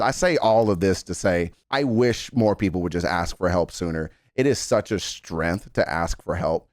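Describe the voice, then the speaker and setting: A man in his thirties talks through a song reaction with raw, earnest emphasis, his voice sitting fairly low. He swears freely and leans hard on his points. The sound is dry and close, with no room around it. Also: dry recording. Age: 30s. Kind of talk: emotional reaction commentary.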